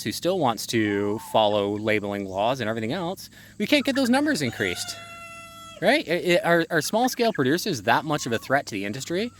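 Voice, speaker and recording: A man's voice: medium pitch, fairly bright tone, slight background noise. A small-scale poultry farmer from Ontario ranting angrily and profanely into a phone while walking his farm, out of breath. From Ontario, Canada. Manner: heated, profane, rhetorical questions. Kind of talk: angry outdoor vlog rant. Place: outdoors on a farm among birds. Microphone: phone held one-handed. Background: faint farm ambience with ducks and fowl.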